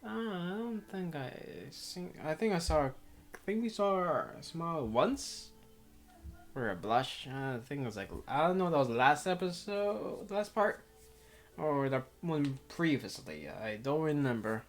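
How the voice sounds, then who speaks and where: A let's player reads a visual novel aloud and adds his own commentary, rambling, interrupting himself, and laughing often. His voice sits on the high side with big pitch swings and an unhurried pace, and faint music plays behind him.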